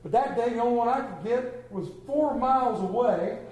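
A man's voice: extremely high pitch, normal speed, darkish tone. A man preaching a sermon, telling folksy, exaggerated stories in a church. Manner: folksy storytelling with comic exaggeration. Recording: echoey room.

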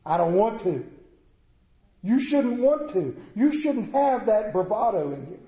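A man's voice: high voice, sing-song, unhurried, dark tone. A middle-aged man preaching a sermon in a folksy, plainspoken way, putting questions to his congregation. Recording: echoey room.

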